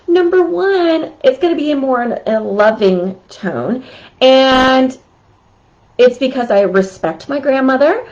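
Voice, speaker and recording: A chatty woman gives tips in a high, unhurried voice. She laughs a lot and keeps checking in with "right?". The sound is a bit dull and lo-fi. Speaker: host. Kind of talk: casual talk giving communication tips.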